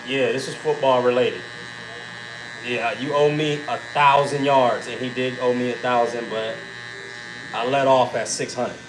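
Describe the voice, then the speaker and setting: A man's voice: medium pitch, a little slow, roomy sound, noisy background. A man, hosting a casual talk show and telling stories with a lot of swearing. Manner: animated, swears a lot, acts out his own shouting. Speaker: podcast host. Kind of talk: casual storytelling chat.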